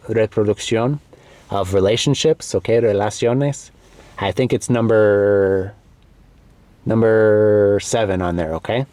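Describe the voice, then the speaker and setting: A man teaching to learners, speaking slowly and clearly, repeating words and checking in with "okay?". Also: on the low side, a little mellow, no room sound. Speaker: English teacher. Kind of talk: slow, clear comprehensible-input lesson.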